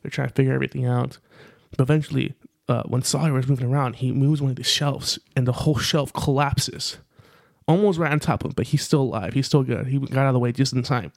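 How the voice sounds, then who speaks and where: A man's voice: mid-range voice, fairly even intonation, fast, creaky, darkish tone, no room sound, studio quality. A man co-hosting a podcast, telling a rambling story casually with lots of fillers and repeated phrases. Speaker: podcast co-host.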